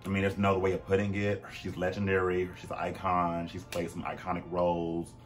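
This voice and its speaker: A man hosting a vlog in casual, chatty commentary. He talks animatedly, with swooping pitch, sudden loud bursts and frequent fillers. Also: monotone, fairly quick, soft background music. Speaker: vlog host.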